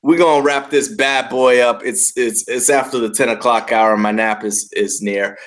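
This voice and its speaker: A man's voice: mid-range voice, fairly even intonation, normal speed. A man hosting a wrestling radio show, bantering casually and trash-talking playfully, often repeating himself. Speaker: podcast host.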